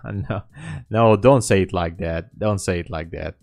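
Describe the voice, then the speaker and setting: A man talking slowly and thinking aloud while day trading on a live stream, often apologizing for small mistakes. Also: sits low, smooth, dry recording, clean studio sound, faint music behind. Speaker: livestream day trader.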